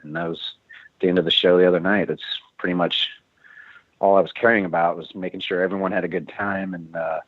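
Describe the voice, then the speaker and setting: Heard over a tinny phone line with no room sound, this man speaks in a deep, steady, brisk voice. Interviewed as a guest musician, he chats casually and drifts through long stories with frequent chuckles.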